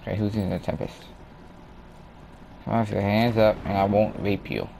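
A man giving live gameplay commentary, excitable and trash-talking, breaking into sudden yelps. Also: lowish voice, moderate pace, creaky, a little hiss or hum. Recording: game gunfire behind voice.

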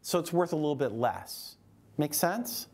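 A man's voice: fairly high pitch, animated, a little slow, gravelly, darkish tone, a little hiss or hum. A man hosting a radio show on finance, chatting casually and telling a story where he acts out the lines of the people in it.

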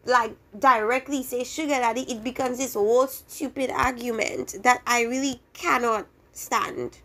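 A woman's voice: high-pitched, a bit bright. A young woman hosting a casual vlog and ranting with exasperated opinions about a reality show. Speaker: reality TV reviewer.

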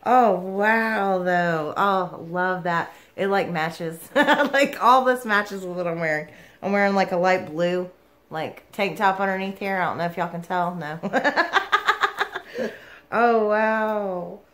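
A woman, gushing and giggling through an excited yarn unboxing vlog. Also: medium pitch, slow. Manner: gushing, giggly, lots of "like" and "oh my goodness". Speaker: yarn vlogger.

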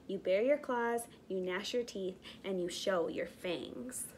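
Storybook lion mentor, male, stern and gruff, slow delivery, as a woman reader puts him on. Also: mid-range voice, slight background noise, lightly acted. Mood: gruff, unimpressed. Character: stern grown male lion roar teacher.

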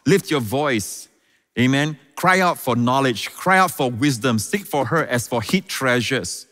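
A man's voice: medium pitch, fairly bright tone. A man preaching a sermon as pastor, emphatic, repeating key phrases and often exclaiming praise. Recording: reverberant hall.

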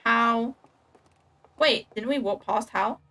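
A woman's voice: on the high side, slow pace, pushed and bright. A young woman streaming a game, chatting casually to herself and her viewers, joking at her own clumsy play. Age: young adult. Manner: chatty, self-mocking, talks to herself and chat while playing. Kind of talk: casual gameplay commentary.

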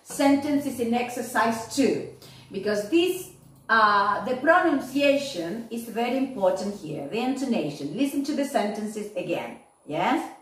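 Slow, patient woman teaching English. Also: a little high, very animated. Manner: slow, repeats "yes?" and "okay?" to check understanding. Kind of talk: recorded online lesson. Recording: echoey room, voice from far off.

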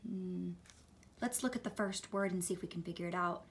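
A young woman teaching young children to read, reading picture books aloud slowly in a sing-song way with some hesitant fillers. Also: mid-range voice, expressive, pushed and bright.

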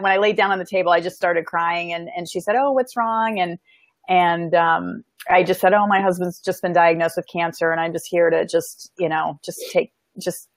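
A woman's voice: lowish voice, no echo. Woman telling a spiritual story, dry close sound. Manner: animated storyteller, acts out quoted voices; earnest, spiritual encouragement. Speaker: medium and show host. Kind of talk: casual conversation, personal storytelling.

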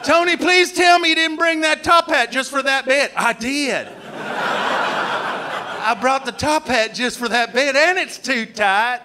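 A man from Canada doing live stand-up comedy, shouting and slipping into silly put-on voices and accents. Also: extremely high pitch, unhurried, noisy background.

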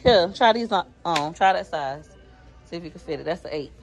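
A woman's voice: on the low side, animated, brisk, soft background music. A woman films herself shopping in a store and talks straight to her viewers. Her voice is chatty and easygoing, picked up by a handheld phone. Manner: chatty, addresses viewers directly. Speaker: vlogger. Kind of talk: casual shopping vlog.

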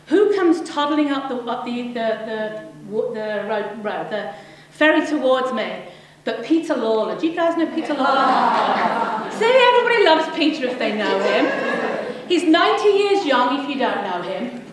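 Woman in her forties, high bright voice, swooping lively delivery, laughing storyteller, echoey hall, heard from a distance, audience in the room. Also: fairly quick, a crowd in the background. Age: 40s. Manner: animated, laughing storyteller acting out her own inner voice. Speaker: speaker giving a community talk. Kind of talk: storytelling talk to a live audience. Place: large hall with a live audience.

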